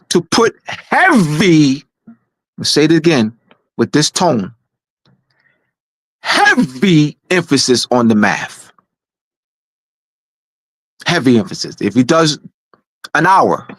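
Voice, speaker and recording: Recorded dry, a man with a slightly high, fairly bright voice delivers an insistent, lecture-like talk. He presents a weekly talk show and drives his points home by repeating them, restarting often.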